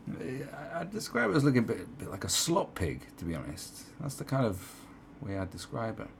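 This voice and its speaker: A man's voice: mid-range voice, sing-song, moderate pace, vocal fry, a little hiss or hum. A man giving rambling, sarcastic opinion commentary, full of fillers and asides.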